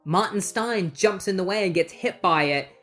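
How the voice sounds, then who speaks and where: A man's voice: high voice, moderate pace, fairly bright tone, faint music behind. Chatty man recapping comics. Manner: chatty and sarcastic, acting out characters. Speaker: comic book reviewer.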